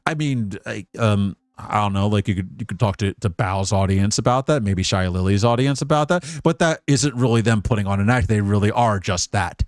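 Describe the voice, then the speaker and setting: A man streaming as a VTuber, giving casual commentary in a rambling, profane, emotionally animated way. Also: medium pitch, fairly quick, dry recording, studio quality.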